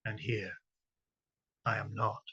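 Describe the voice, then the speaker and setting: Scottish man, poet; husky tone, middle pitch, halting patter between poems, chanted verse, muffled lo-fi sound. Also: flat delivery, pushed and bright. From Scotland. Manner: halting, repeats words while explaining, slow chant-like delivery of verse. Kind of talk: poetry reading with spoken introductions. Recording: dull lo-fi recording.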